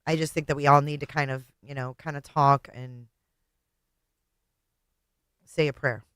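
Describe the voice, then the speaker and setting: A woman hosting a livestream and talking casually to her viewers, tearful, halting and often trailing off quietly. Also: low-pitched, fairly even intonation, smooth, dry recording. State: tearful, voice breaking. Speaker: livestream host.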